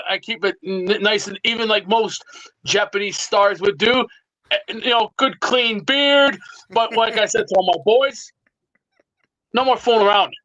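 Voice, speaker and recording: A man's voice: very high-pitched, pushed and bright, poor audio. A man calling in to a sports talk show with a blustering, drill-sergeant style rant. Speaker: regular caller. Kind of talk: ranting call-in bit.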